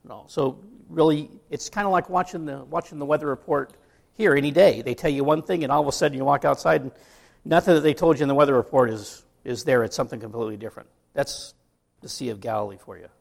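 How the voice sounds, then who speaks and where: Gravelly conversational male preacher. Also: medium pitch, fast talker. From United States. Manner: conversational preaching with asides and rhetorical questions. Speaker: pastor. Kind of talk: sermon.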